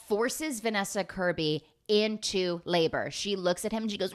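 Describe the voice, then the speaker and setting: A woman in her twenties giving a rambling, sweary comedic movie recap full of lively asides. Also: lowish voice, normal speed, few pauses. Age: 20s.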